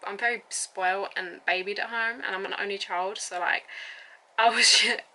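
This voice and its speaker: Woman, twenties, bright and chatty, giggly rambling vlog storyteller. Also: mid-range voice, steady tone, moderate pace, poor audio. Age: 20s. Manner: rambling, lots of fillers and likes, giggly. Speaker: vlogger. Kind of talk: casual storytelling.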